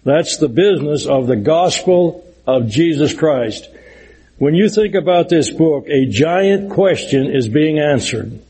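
A man's voice: on the high side, expressive, unhurried, dark tone, breathy edge, rough recording. A middle-aged man preaching a Bible lesson, earnest and explanatory, stressing points emphatically and reading scripture aloud. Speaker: preacher teaching a Bible study. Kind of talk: sermon-style Bible lesson.

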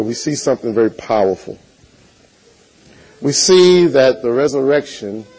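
A man's voice: medium pitch, breathy edge, rough recording. A man preaching a sermon in a church, reading scripture and addressing the congregation directly, with emphatic, swelling stresses. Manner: emphatic, rising to loud stressed passages.

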